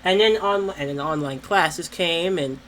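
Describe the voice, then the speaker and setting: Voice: medium pitch, measured pace, poor audio. Teen podcast cohost from jersey, rambly, keeps restarting, mid voice, bit of hiss behind. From New Jersey. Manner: rambling, restarts often, breaks into loud mocking impressions. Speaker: podcast co-host. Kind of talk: casual chat.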